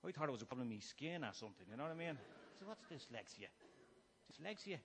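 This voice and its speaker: A middle-aged Irish man giving a humorous personal testimony to a gathering, shifting between quiet musing and loud, acted-out shouting. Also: medium pitch, very animated, quick pace, a little hiss or hum. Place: room before a live gathering.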